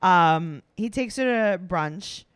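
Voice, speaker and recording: Woman, casual recap chat, animated pitch, dry close mic. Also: slow pace, clean tone, no echo. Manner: animated, breaks into quoted voices. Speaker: podcast co-host.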